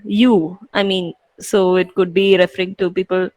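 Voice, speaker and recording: A woman student answering a lecturer's question over a video call, halting and thinking aloud. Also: fairly low pitch, completely flat delivery, a little mellow, no echo. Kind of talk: answering in class.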